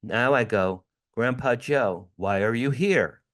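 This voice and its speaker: A middle-aged man, a guest in an interview, telling a personal story with animated, dramatic delivery. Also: medium pitch, takes it slowly.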